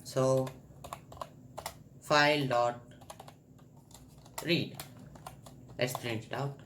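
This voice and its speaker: A man walks through a coding tutorial at an unhurried, deliberate pace, explaining each step as he goes. His voice sits at an ordinary pitch, with faint noise and keyboard typing behind it. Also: steady tone, fairly bright tone. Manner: patient step-by-step explaining, thinking aloud. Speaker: programming tutor. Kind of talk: screen-recorded coding tutorial.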